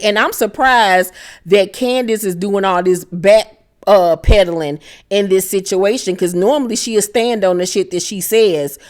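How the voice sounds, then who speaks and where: A woman hosting a casual recap of a reality TV episode, blunt and profane, with dramatic asides and frequent laughter. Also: mid-range voice. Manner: laughs often while retelling scenes.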